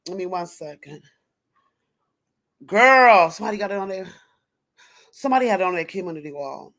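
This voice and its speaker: A woman hosts a live stream with a bright, ringing, mid-range voice. She chats straight to her viewers, animated and blunt, and swears freely. It sounds like a casual broadcast through a home computer or phone mic. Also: medium pitch, normal speed. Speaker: livestream host. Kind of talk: casual livestream commentary.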